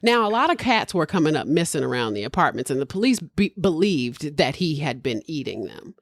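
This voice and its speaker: Female podcast host, casual crime storyteller, low and very animated pitch. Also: brisk, dry recording, clean studio sound. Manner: animated retelling with slangy asides.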